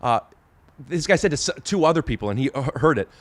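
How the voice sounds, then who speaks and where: A man's voice: fairly high pitch, expressive, quick pace, no room sound. A man hosting a podcast in casual chat, talking in rambling bursts full of restarts and hesitations. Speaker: podcast host.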